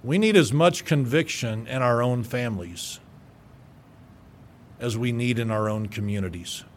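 A pastor preaching a radio sermon, forceful and emphatic, stumbling over repeated words as he builds up. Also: medium pitch, a little slow, a little hiss or hum.

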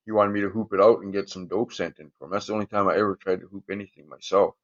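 A man's voice: sits low, fairly even intonation, racing, dull audio. A man casually telling profane, rambling stories in a podcast interview, chuckling often. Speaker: guest, former prisoner.

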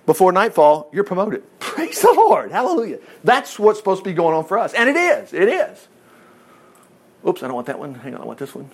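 A man's voice: high voice, huge pitch swings, brisk, breathy edge. A man teaching a Bible chapter in a loose, rambling way, laughing often and acting out the quotes. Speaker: preacher.

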